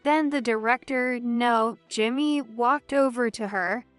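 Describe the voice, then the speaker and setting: A woman tells a first-person family drama in a measured, steady storytelling voice. Her voice is fairly high, smooth and clear, and she speaks slowly over faint background music. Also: dry recording. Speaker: narrator.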